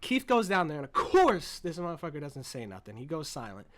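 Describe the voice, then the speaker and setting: A man recapping a horror movie in a casual, profane, excited and rambling way, seated at his desk. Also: on the high side, fairly quick. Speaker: movie reviewer.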